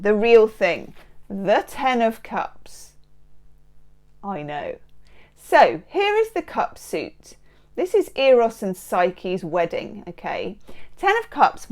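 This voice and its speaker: A woman giving a tarot card reading to camera, bubbly, playful and full of exclamations, speaking into a close microphone. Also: mid-range voice. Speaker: tarot reader.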